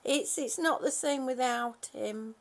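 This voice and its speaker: Slow, gravelly high-pitched woman streamer. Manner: greets viewers one by one with affectionate pet names; rambling, with many fillers and restarts. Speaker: live streamer. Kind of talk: casual live-stream chat with viewers.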